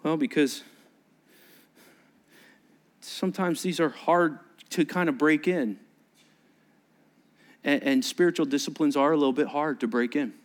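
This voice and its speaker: A middle-aged man preaching a sermon as pastor, telling stories with voiced quotes and dropping to a hushed near-whisper for emphasis. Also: on the high side, measured pace, long pauses. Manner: animated storytelling with voiced quotes and asides.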